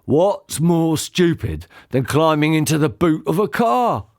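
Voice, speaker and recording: A jittery, bumbling dad caught up with crooks, as a man reads him in a storybook. He stammers and dodges with a lively, jumpy rise and fall. The voice is close and dry. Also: fairly high pitch, unhurried, dry recording. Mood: flustered. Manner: stammering, evasive. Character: nervous, bumbling father mixed up with crooks.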